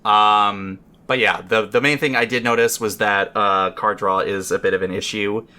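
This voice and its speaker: A man's voice: on the low side, fairly even intonation, moderate pace, sharp tone. A man on a podcast panel, casually telling a long, rambling story full of fillers and swearing.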